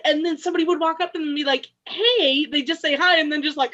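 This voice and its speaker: High-voiced woman on a dull, lo-fi line. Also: fast talker, few pauses. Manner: expressive, acts out reactions. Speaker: podcast guest. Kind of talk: casual group chat.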